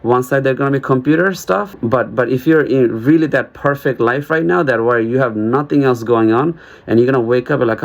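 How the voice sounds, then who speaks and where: A man's voice: medium pitch, fairly quick, creaky, lo-fi sound. A man vlogging in a rambling, joking monologue who acts out little dialogues as he goes. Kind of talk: casual monologue to camera.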